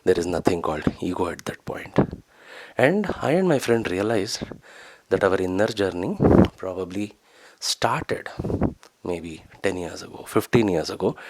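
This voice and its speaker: A man speaks in a somewhat low voice, musing on spiritual ideas in a podcast talk. He is earnest and keeps repeating phrases to build emphasis. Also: darkish tone, a little hiss or hum. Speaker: podcast host.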